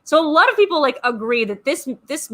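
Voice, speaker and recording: A woman co-hosting a podcast in loose, easy chat. Her voice is bright and clear, pitched a little high. She talks in an animated way and fills her sentences with filler words. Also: fairly quick. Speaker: podcast co-host. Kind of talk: casual chat.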